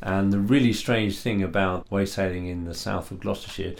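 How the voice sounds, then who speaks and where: Gravelly, deep-voiced radio presenter man. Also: steady tone, a little fast. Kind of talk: radio interview.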